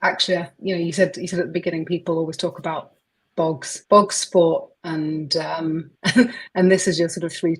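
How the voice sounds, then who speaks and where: A woman's voice: deep voice, little pitch movement, normal speed, slightly rough, low-quality recording. A woman on a live panel, speaking reflectively and telling small personal stories. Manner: reflective, storytelling. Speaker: panel guest.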